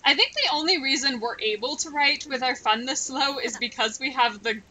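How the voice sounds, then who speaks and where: A woman's voice: sits high, normal speed, bright, forceful tone, poor audio. A woman giving casual, chatty gameplay commentary, playfully melodramatic as she goes. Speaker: let's play gamer.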